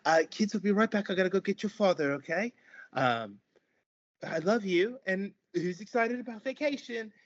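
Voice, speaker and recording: A man's voice: sits high, lively intonation, normal speed, voice pushed up. A man voicing an anxious otter mother who hurries her kids onto a boat in an urgent, coaxing way. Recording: dull lo-fi recording.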